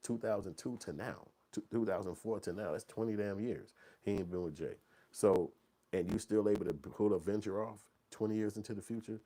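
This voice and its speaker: A man, telling stories in profane, animated casual commentary. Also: on the low side, brisk. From Chicago. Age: 40s. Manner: animated, profane, rambling street talk. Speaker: movie channel host.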